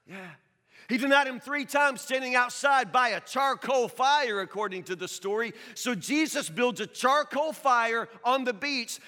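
A man delivers a sermon in a strikingly high, sharp voice. He talks to the congregation conversationally, poses questions and hammers points home through repetition. His words ring out with a long echo through a large hall. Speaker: pastor.

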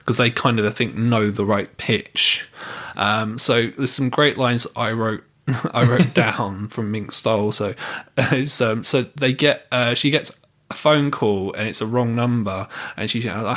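A man's voice: mid-range voice, measured pace, a bit bright. A man hosting a podcast, talking casually about a film with lots of fillers and restarts. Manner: hesitant, many fillers and restarts. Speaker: podcast host.

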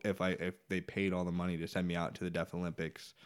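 Lower-voiced man chatting as podcast guest. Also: little pitch movement, quick pace, clean tone. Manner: chatty, laughs often, explains at length. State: hard of hearing. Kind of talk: casual chat.

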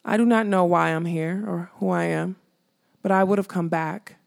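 Brief: mysterious lady, low and clear, with a slight creak, read by a woman. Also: fairly even intonation, moderate pace. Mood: calm.

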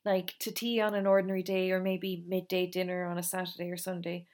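A woman reading aloud, voicing a small, intense orphan girl who speaks quietly and earnestly. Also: fairly low pitch, completely flat delivery, a little fast, lightly acted. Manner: quiet and earnest, sometimes hushed.

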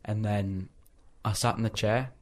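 A young man in casual chat, an animated storyteller who laughs often. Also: lowish voice, a little slow, background noise.

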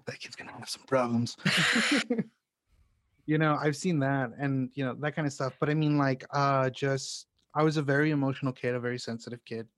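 A young man talking in loose, candid podcast chat, thinking out loud with plenty of fillers and cursing. His voice sits in an ordinary middle register. The sound is close and dry, with no room around it. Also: mid-range voice, normal speed, no echo. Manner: candid, swears freely, rambling with many fillers.

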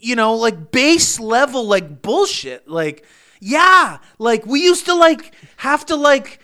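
A man's voice: very high voice, sing-song, slow, bright, forceful tone. A man co-hosting a comedy podcast, ranting with constant swearing and restarts. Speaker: podcast co-host. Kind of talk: profane comedic podcast rant.

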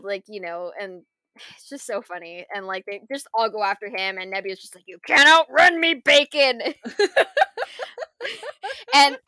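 A woman co-hosting a casual chat, retelling a film scene in an animated way, full of fillers and frequent laughter. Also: mid-range voice, no room sound.

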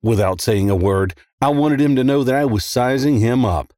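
A man narrating a first-person horror story in a steady, measured way. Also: medium pitch, no echo, studio quality.

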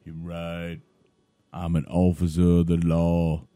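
A low-voiced man speaking very slowly in a casual comedy chat. His reactions are dry and deadpan. The sound is dry and close, with no room echo. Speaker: podcast co-host.

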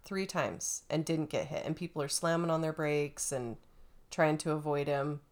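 Woman, casual chat, animated storyteller, low voice, acts out quotes. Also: moderate pace.

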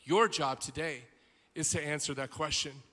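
A male pastor preaches with a high, very bright, sharp voice, swelling into rousing exhortation. His words ring out in a large conference hall with a long reverb trailing behind. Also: fairly even intonation, normal speed. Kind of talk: sermon.

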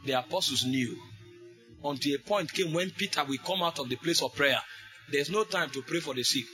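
A man preaching a fervent sermon, repeating phrases and breaking into shouts. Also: on the high side, normal speed, soft background music. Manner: fervent, repetitive, bursts into shouts.

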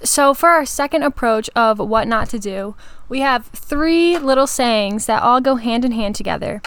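A woman's voice: a little high, moderate pace, a bit bright, clean tone. A young woman co-hosting a casual chat podcast, laughing and teasing, recorded out on a porch. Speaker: podcast co-host. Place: outdoors on a porch.

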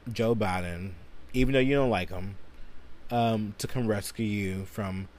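A man hosting a solo podcast, ranting angrily and profanely with lots of filler words. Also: fairly low pitch. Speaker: podcast host.

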